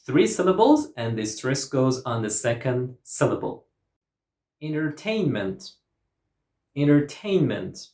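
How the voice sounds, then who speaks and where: A woman's voice: very deep voice, sing-song, moderate pace, few pauses, darkish tone. A woman teaching English pronunciation, saying each word several times and drawing out its syllables. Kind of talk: slow, careful teaching with repeated model words. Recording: roomy echo.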